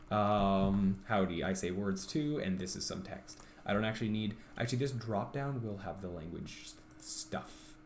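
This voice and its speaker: A man's voice: on the low side, unhurried, a little hiss or hum. A man streaming while he works on a game, thinking aloud in a rambling way with many ums and restarts. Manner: rambling, self-talking, full of ums and restarts.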